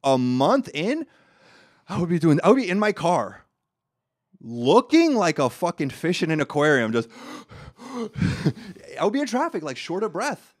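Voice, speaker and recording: A man's voice: fairly high pitch, moderate pace, dry recording, clean studio sound. A young man hosting a casual comedy podcast, telling stories and laughing often. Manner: joking, animated storytelling, laughs often. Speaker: podcast host.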